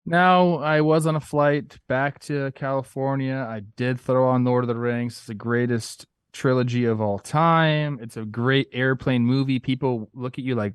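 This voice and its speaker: A young man co-hosting a casual sports talk show, animated and playful, acting out quotes in goofy voices. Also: mid-range voice, moderate pace, no echo, studio quality. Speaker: podcast co-host.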